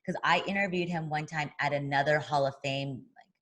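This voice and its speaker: A woman's voice: sits low, fairly quick. A woman, a boxing broadcaster, chatting as an interview guest and telling a story, acting out what people said. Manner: lively storyteller who acts out quoted voices; frequent fillers and restarts. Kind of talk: casual interview chat.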